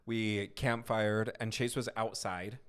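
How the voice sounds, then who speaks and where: A man's voice: lowish voice, takes it slowly, smooth. A man co-hosting a casual chat podcast, telling stories and acting out quotes. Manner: animated storyteller, acts out quotes. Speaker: podcast co-host.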